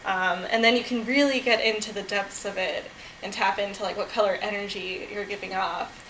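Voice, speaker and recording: A woman's voice: medium pitch, steady tone, normal speed, a bit bright, slight background noise, low-quality recording. A woman answering a question at a club meeting in a casual, giggly way, full of "um" and "like". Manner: giggly, casual, filler-heavy. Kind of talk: impromptu speech.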